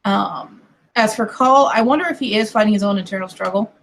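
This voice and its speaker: Here the same kind of young western-US streamer, raised in Colorado and California, talks casually while drawing, her chat digressive and full of laughs and playful asides. The mid-range, fairly quick voice carries a mixed American accent with slight Kentucky Southern notes, and there's a little hiss or hum.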